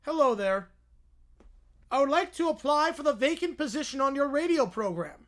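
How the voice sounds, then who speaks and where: A man's voice: extremely high pitch, lively intonation, normal speed. A man voicing a pompous British cartoon father pig who speaks in a stiff, prim, self-important way.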